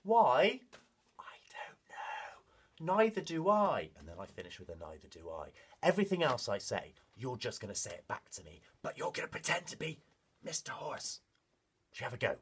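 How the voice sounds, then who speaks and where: A man's voice: fairly low pitch, very animated, brisk, a bit bright, husky. A man presenting a children's music lesson, talking straight to the young class in a playful, encouraging way.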